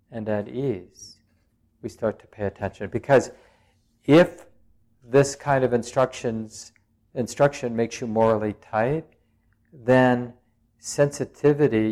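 Reflective man giving a dharma talk. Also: medium pitch. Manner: reflective, searching phrasing with frequent pauses; plain-spoken and gently humorous. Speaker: meditation teacher.

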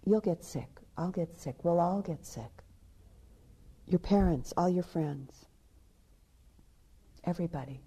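A calm, wise male companion, as a woman telling a teaching story puts him on. He explains softly and patiently, in a low, very dark and husky voice. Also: takes it slowly, long pauses. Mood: gently explaining.

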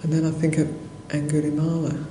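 A Buddhist nun giving a dharma talk in a monastery hall, telling a story conversationally with soft laughs and many fillers. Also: female voice, sits low, completely flat delivery, a little fast. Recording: roomy hall echo, faint noise.

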